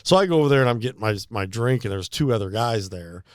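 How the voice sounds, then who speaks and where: Middle-aged Midwestern podcast co-host, chatty storyteller, dry close sound. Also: male voice, lowish voice, quick pace, dry recording. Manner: animated anecdote teller, acts out quoted voices. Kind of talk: casual storytelling chat.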